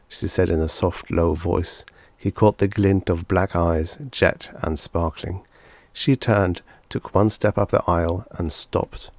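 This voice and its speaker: A man narrating a vintage science fiction story as an audiobook, measured and unhurried through the descriptions. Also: sits low, fairly even intonation, a little mellow, dry recording.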